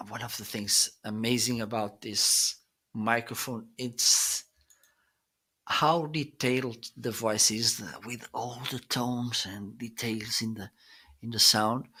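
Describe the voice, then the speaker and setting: A man's voice: mid-range voice, pushed and bright. A man hosting a casual live shopping stream at his desk, chatting unhurriedly as he tests microphones by counting and saying hello. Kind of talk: casual product demo. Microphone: desk microphones being tested.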